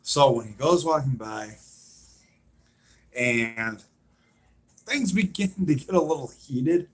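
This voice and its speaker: A man's voice: mid-range voice, lively intonation, slow pace. A man hosting a live stream, chatting casually and rambling as he retells scenes with lots of fillers.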